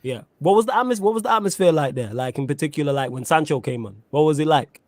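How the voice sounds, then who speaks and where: Fast-talking man hosting a stream. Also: a little high, animated, no echo. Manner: quick, chatty, laughs often. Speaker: host. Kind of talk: casual live-stream chat.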